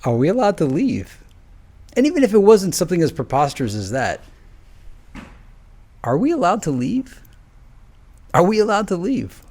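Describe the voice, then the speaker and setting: A man giving a solo political commentary monologue, rambling and restarting sentences, full of rhetorical questions and drawn-out pauses. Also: sits high, huge pitch swings, a little mellow. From United States. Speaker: video commentator.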